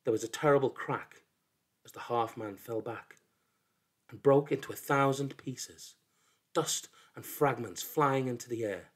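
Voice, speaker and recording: Husky guy reading a folk tale out loud, super expressive, voice dips low and hushed then rises. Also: measured pace. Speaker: storyteller. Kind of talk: dramatic storybook narration.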